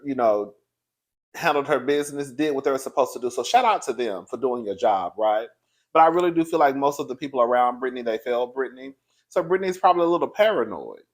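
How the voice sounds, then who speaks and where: Sassy gossiping man, slightly high voice. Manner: sassy, chatty, calls listener "girl", laughs often. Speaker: celebrity gossip commentator. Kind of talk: casual gossip commentary.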